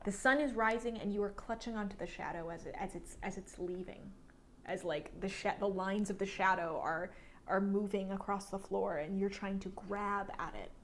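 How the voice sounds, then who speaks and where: A woman's voice: mid-range voice, moderate pace, slight background noise. Female tarot reader, solo reading, musing delivery, near-whispered asides, frequent fillers. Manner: many fillers and restarts.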